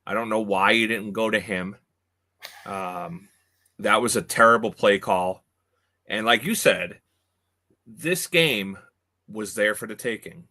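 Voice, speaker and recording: A man co-hosting a sports podcast, talking casually with many pauses and fillers. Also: lowish voice, sharp tone. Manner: hesitant, lots of uh and um. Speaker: podcast co-host.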